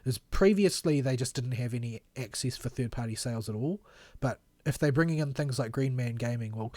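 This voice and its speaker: A man's voice: medium pitch, brisk, no echo. A man co-hosting a long streamed podcast, giving opinionated commentary and rambling until his words trail off, his voice tired. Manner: critical, rambling, trails off quietly. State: voice tiring after long stream. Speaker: podcast co-host.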